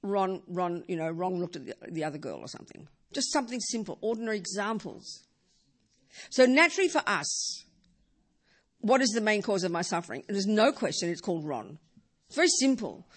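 A woman's voice: medium pitch, fairly quick. Woman giving a dharma talk in a hall, jokey, repeats stuff for emphasis. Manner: lively, joking, repeats words for emphasis. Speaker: Buddhist teacher. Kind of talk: Buddhist dharma talk to a live audience. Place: teaching hall with audience.

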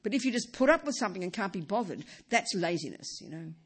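Woman teaching Buddhism, lively swooping pitch, repeats herself, rhetorical questions. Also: quick pace, husky. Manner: animated, repeats and restarts, asks rhetorical questions. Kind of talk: dharma talk.

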